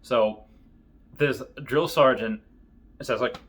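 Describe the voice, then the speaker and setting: A man's voice: medium pitch, slow pace, a bit bright. A man, a military veteran, casually reading funny stories and laughing often at them.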